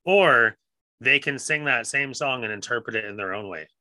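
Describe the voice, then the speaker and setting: A man co-hosts a podcast in a laid-back, reflective chat, with some casual swearing. His voice is very bright and sharp, and the recording is dry and close. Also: mid-range voice, moderate pace, no room sound, rough recording. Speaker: podcast co-host.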